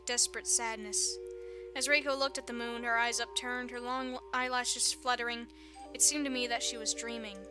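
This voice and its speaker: A woman reading a visual novel's text aloud with joking, sarcastic commentary, often laughing. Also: fairly high pitch.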